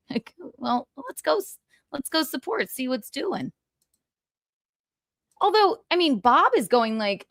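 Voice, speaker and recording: Chatty livestream woman, lively pitch. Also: normal speed, no echo, clean studio sound. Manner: chatty, giggly, tired asides. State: exhausted. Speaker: livestream gossip host. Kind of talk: casual chat.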